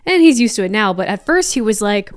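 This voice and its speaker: A woman's voice: mid-range voice, very animated, fast talker, no room sound, clean studio sound. A young woman from the American South with a light Southern accent, hosting a podcast in a chatty, playful, casual way. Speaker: podcast host. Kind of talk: casual chat.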